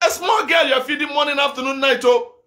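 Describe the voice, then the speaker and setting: A man preaching an impassioned, repetitive sermon, often breaking into shouts. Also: very high-pitched, fairly quick. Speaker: evangelist preacher.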